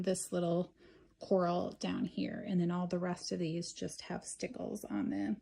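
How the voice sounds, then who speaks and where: A woman's voice: fairly low pitch, vocal fry, mellow, husky. A woman hosting a casual craft tutorial, walking through each step in a chatty way with frequent ums.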